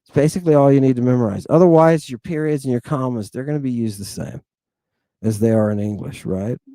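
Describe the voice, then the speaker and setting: A man teaching a lesson in a casual, animated way, often asking "right?" and calling his listeners "people". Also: mid-range voice, quick pace, no room sound. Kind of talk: informal lesson.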